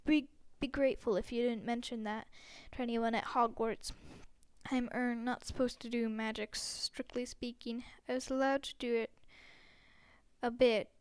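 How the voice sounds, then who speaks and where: A woman's voice: a little high, fairly even intonation, normal speed, smooth, dry recording, lightly acted. A woman reading an audiobook, voicing a giant, bearded male gamekeeper who speaks bluntly in a folksy, clipped dialect. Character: giant bearded male gamekeeper, gruff, loyal, hot-tempered.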